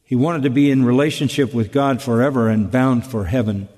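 A man preaching an expository sermon, emphatic and deliberate, asking rhetorical questions and repeating key phrases. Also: mid-range voice, fairly even intonation, a little mellow, big-room sound. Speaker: pastor.

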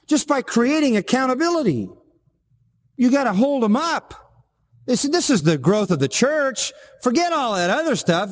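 Male pastor, emphatic sermon delivery, slightly higher voice, long hall reverb. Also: darkish tone. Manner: emphatic preaching with repeated phrases and sudden pitch rises.

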